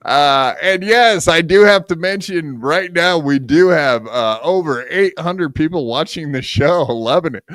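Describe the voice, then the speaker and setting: Lively joking male podcast host. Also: a little high, measured pace, hardly any pauses, no echo, clean studio sound. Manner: joking, self-mocking, lively delivery. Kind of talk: casual joking chat.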